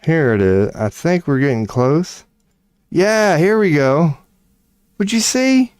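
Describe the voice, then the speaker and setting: A man's voice: medium pitch, big pitch swings, measured pace, a little mellow, no room sound, studio quality. A man streaming, giving casual ranting commentary, profane and incredulous, laughing often.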